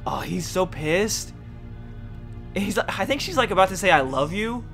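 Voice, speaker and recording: A young man doing rambling, joking commentary while playing a video game, often yelling at it. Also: high voice, expressive, measured pace, vocal fry, soft background music. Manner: goofy, rambling, yells and jokes at the game. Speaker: gaming YouTuber. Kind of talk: let's play commentary.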